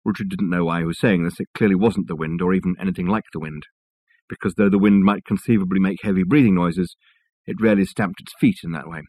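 A male audiobook narrator reads a novel in a measured, wry way. His voice is husky and a little low. He sits close to the mic, and the sound is dry with no room echo. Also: steady tone, a little mellow.

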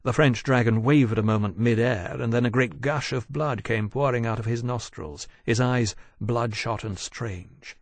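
A man narrating an audiobook in a measured, steady way. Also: medium pitch, no echo, clean studio sound.

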